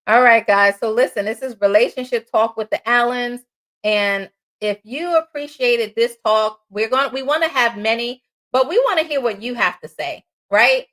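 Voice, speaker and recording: A woman from New York with a New York accent, co-hosting a faith-based relationship talk in a loud, passionate, preacherly way. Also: on the high side, normal speed. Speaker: co-host.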